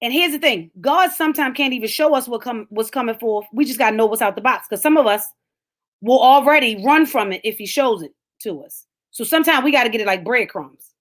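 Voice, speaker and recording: A middle-aged woman giving a fervent sermon-style motivational talk, speaking plainly and straight to her listeners, at times rising to a shout. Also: on the high side, lively intonation, fairly quick. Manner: fervent preaching, talks straight to listeners by name. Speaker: speaker of a lunchtime empowerment talk.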